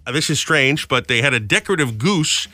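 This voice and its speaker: A man's voice: medium pitch, lively intonation, a little fast, pushed and bright, no echo. A man from New England hosting a casual radio show, wisecracking and slipping into silly voices. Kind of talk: casual morning radio chat. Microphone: studio microphone.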